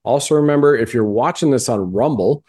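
A man's voice: medium pitch, brisk, dark tone, breathy edge. A male podcast host interviewing a guest in a fervent, emphatic, folksy way. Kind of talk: interview conversation.

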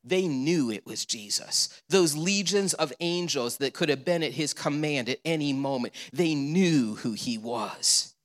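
Animated preaching man in a reverberant hall. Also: a little high, unhurried, few pauses. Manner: animated storytelling preaching with rhetorical questions. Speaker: pastor. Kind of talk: sermon.

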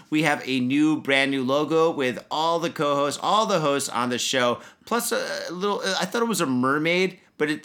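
A man's voice: medium pitch, bright, forceful tone. A man hosting a podcast in casual chat, swearing freely and laughing often. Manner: swears freely, laughs often, breaks into sung and mimicked lines. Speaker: podcast host.

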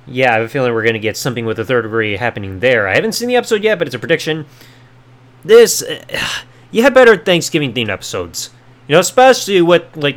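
A man talks through a wrestling episode in loose, casual podcast chat. His voice sits a bit high and jumps around a lot in pitch. He throws in sarcastic asides and the odd swear word. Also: fairly bright tone. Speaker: podcast host.

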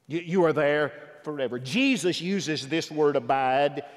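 A man preaching a sermon in a fairly high voice, with a long reverb trailing each phrase as in a large hall. He swings from loud, ringing exhortation to hushed, intimate asides. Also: lively intonation, a little slow.

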